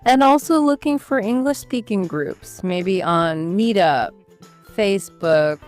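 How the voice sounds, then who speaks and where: A woman's voice: medium pitch, slow, darkish tone, soft background music. A woman co-hosting an educational podcast, walking listeners through study steps one by one in an upbeat chatty way. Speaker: podcast co-host. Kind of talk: scripted educational podcast chat.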